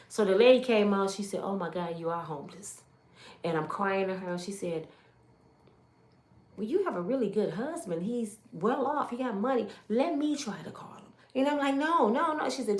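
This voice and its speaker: A woman's voice: medium pitch, echoey room. A middle-aged woman from Michigan telling an emotional personal testimony, emphatic and full of quoted dialogue. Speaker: testimony speaker.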